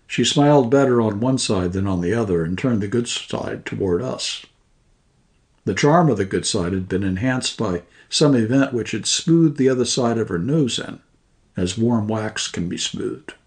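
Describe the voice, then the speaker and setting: A man narrating a short story in a measured, dry manner. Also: fairly low pitch, darkish tone. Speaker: audiobook narrator.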